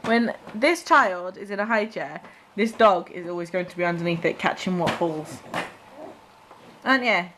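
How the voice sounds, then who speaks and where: This young adult mother from Cheshire, England, vlogs chattily from home, feeding her son and coaxing him to chew in baby talk while making asides to the audience. Her fairly low voice is lively, fairly bright, and at normal speed, captured in a rough recording with slight hiss or hum.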